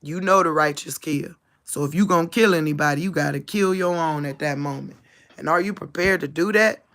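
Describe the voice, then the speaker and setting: A woman's voice: low voice, a little fast, fairly bright tone. A woman preaching in an informal monologue, emphatic and repetitive, speaking straight to her listeners. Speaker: spiritual teacher.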